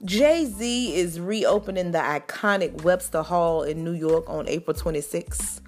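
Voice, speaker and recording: Brief: woman host, lowish voice, swears freely, heated news-chat delivery, faint music under it. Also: unhurried. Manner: profane, fired-up commentary. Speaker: podcast host.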